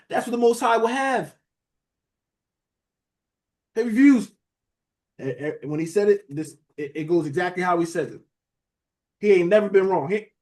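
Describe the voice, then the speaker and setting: A man preaches a casual sermon with a slightly higher pitch than most men. He talks in a chatty, back-and-forth way, asking his listeners questions and answering them himself. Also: darkish tone. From United States. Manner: conversational preaching, asks the room questions and says "beloved". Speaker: teacher preaching a Bible study.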